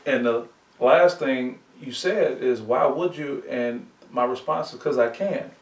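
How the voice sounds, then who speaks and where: A man telling a story on a casual sports podcast, his voice at an ordinary middle pitch. He keeps asking himself rhetorical questions as he goes. The mic sits back from him in a roomy, echoing space. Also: a little slow, distant mic. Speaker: podcast host, sports psychology.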